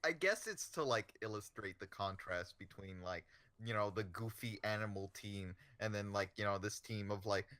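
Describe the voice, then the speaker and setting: Bright-voiced man podcaster, dry sound. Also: fairly low pitch, dry recording. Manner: halting, stacks up "like" fillers. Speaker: podcast co-host. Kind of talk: casual chat.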